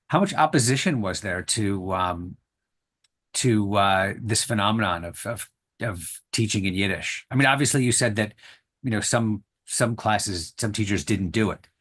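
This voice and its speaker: A man with a fairly low voice moderates an online lecture's question session. He talks haltingly, piling up fillers and restarting his sentences, heard through a video call connection. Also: a bit bright. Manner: hesitant, many fillers and restarts.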